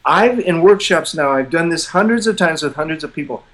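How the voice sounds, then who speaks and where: An older man being interviewed, telling his story in a relaxed, self-deprecating way with frequent chuckles. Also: on the high side, a little fast. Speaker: interview guest, publisher.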